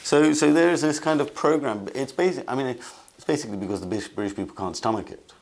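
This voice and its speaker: A man giving conversational commentary as an interview guest, halting with frequent restarts and repeated words. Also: mid-range voice, gravelly, a little mellow.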